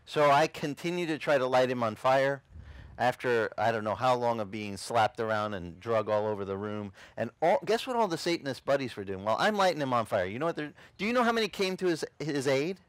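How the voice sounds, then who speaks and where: A pastor, a man, delivers his testimony as a dramatic story, acting out each scene for his listeners. His voice sits at an ordinary middle pitch. The sound is dry and close, with next to no room echo. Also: expressive, a little fast. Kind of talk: testimony sermon. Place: outdoor beach service.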